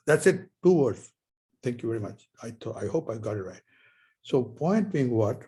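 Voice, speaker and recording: An older male professor lectures a class in a loose, anecdotal way, asking questions and answering them himself. His voice is mellow and a little husky. He wanders through the story with pauses and restarts. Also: mid-range voice, lively intonation, low-quality recording. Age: 70s. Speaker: university lecturer.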